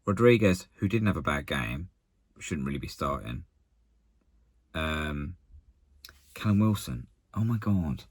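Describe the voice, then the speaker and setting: A man giving a casual, exasperated post-match rant to camera as a football fan, blunt and halting, often restarting his sentences. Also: very deep voice, expressive, slightly rough, no echo. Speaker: football fan channel contributor.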